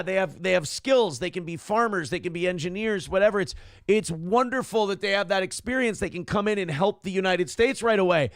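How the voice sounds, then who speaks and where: A man's voice: high-pitched, fairly quick, a bit bright, no echo, studio quality. A man hosting a casual live-stream talk show, reading donations and ranting with mocking impressions. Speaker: host.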